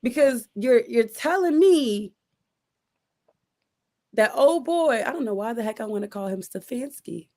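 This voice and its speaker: A woman with a somewhat high voice holds forth in a casual sports chat. She is emphatic and exasperated, restarting her sentences and firing the same question again and again. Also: expressive, unhurried, long pauses, darkish tone. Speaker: sports podcast host.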